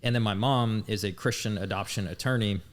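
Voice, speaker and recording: A fairly low-pitched man in his thirties shares his story as a podcast guest. He talks in a casual, candid way and swears without a second thought. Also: fairly quick. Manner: candid, blunt, swears freely.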